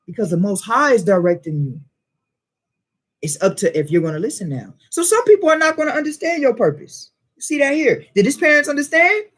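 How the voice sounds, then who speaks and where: Husky man teaching a Bible class. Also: very high voice. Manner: animated, questioning the class.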